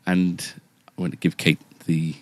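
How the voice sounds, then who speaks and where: A man with a very low voice tells a story in a loose, casual chat. He rambles and restarts often, mocking himself as he goes. His voice is recorded dry and close, with no room sound. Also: little pitch movement, unhurried, no room sound. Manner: rambling, self-deprecating, many fillers and restarts. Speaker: guitar shop staff member.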